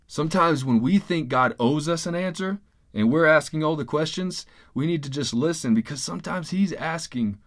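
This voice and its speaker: A man's voice: fairly high pitch, animated, normal speed, fairly bright tone. A man preaching a sermon in an earnest, conversational way, often repeating words as he goes. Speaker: pastor.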